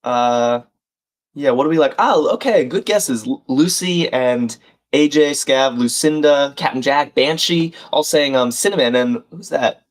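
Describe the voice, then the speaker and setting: At a measured pace and medium pitch, a man hosts a live crossword-solving stream. He thinks aloud, reads clues and viewer names, and directs friendly asides to his chat as he works.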